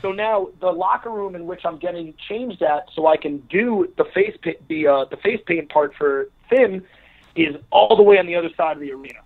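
Over a tinny phone line, a wrestler guest with a high-pitched voice relates a casual anecdote at normal speed, voicing the characters in it during this laid-back storytelling interview.

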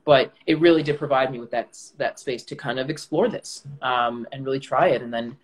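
A man's voice: mid-range voice, a little fast, poor audio. A young man from Canada, an actor, talking reflectively in a casual chat with many fillers and restarts. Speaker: actor guest. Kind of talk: casual video-call chat.

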